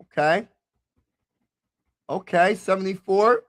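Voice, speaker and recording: A young man hosting a live draft reaction stream, talking casually and excitedly straight to his viewers and repeating himself. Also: high-pitched, measured pace, long pauses.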